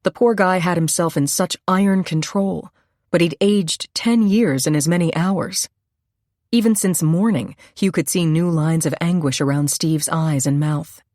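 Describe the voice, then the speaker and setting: A woman reads a suspense audiobook in a measured, steady way. Her voice sits low, and the recording is dry and close with no room sound. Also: no room sound. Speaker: audiobook narrator. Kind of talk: scripted narration.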